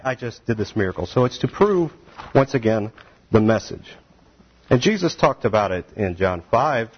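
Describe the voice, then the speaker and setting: A man leads a casual Bible study and retells the scripture in loose, everyday words. His voice is a little husky and mid-pitched. The recording is dull and lo-fi. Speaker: Bible teacher.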